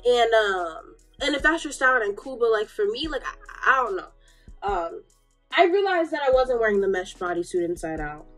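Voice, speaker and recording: Sassy young woman chatting over soft music. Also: a little high, moderate pace, low-quality recording. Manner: sassy, blunt and animated, calls viewers sweetie. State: hot and out of breath. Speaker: fashion vlogger. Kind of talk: try-on haul chat.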